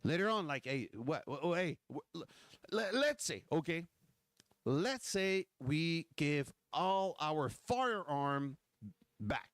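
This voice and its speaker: Male host, impassioned rant, higher voice, dry close sound. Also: sing-song, takes it slowly, no echo. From Quebec. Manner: fiery, repetitive, full of rhetorical questions. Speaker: political livestream host.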